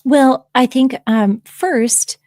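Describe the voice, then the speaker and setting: A woman author being interviewed on a podcast, speaking in a gentle, measured and thoughtful way. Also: high-pitched. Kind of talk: reflective interview conversation.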